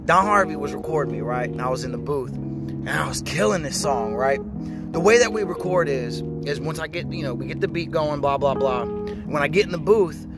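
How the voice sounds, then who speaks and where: A man, a rapper, telling a studio story in a lively way, acting out sounds and quotes. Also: on the high side, moderate pace. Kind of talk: animated storytelling. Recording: music loud behind.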